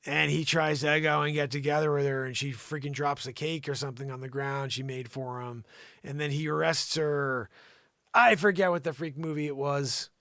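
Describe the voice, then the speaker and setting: A man hosts a live talk show with excitable, improvised comedic riffing, swinging between loud outbursts and muttered asides. His voice is fairly high and creaky at a moderate pace, recorded in studio quality with no echo.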